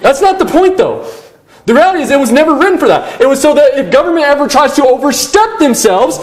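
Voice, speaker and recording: A young adult man preaching a sermon as pastor, telling animated stories with humorous asides and acting out his own past rants. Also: extremely high pitch, fast talker.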